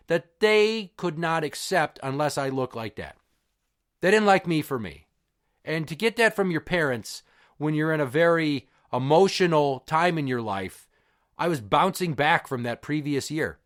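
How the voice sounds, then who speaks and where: A man's voice: fairly high pitch, a bit bright, dry recording, clean studio sound. Blunt, swearing middle-aged man. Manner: blunt, profane and heated. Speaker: podcast host. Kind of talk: personal storytelling monologue.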